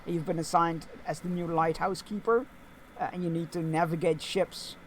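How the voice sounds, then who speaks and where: A man's voice: on the high side, flat delivery, normal speed, slight background noise. A man streaming a video game, chatting casually and musing aloud, with frequent fillers and chuckles. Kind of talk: casual gameplay commentary.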